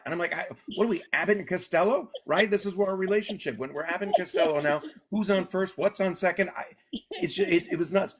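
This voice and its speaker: His voice sits high and slightly rough, and he talks at a quick pace. A middle-aged comedian from Alaska, he's a guest in a casual interview, animatedly acting out the voices in his stories.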